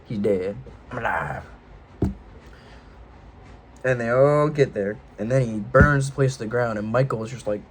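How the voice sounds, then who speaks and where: A man's voice: mid-range voice, moderate pace, pauses often, slight background noise, low-quality recording. A man casually retelling a game series' story in a rambling, offhand, irreverent way, full of loose jokey paraphrase. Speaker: video host.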